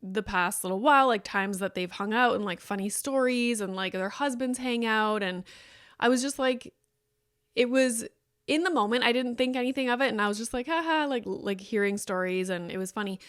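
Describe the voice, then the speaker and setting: A woman's voice: medium pitch, normal speed, fairly bright tone, smooth, no room sound, clean studio sound. A woman in her thirties hosting a podcast, telling a rambling personal story in casual chat with lots of "like". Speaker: podcast host.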